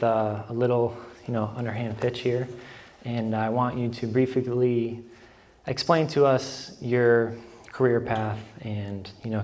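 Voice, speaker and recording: A young man interviewing a guest at a church event, rambling and friendly with lots of fillers. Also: lowish voice. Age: young adult. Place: church meeting room.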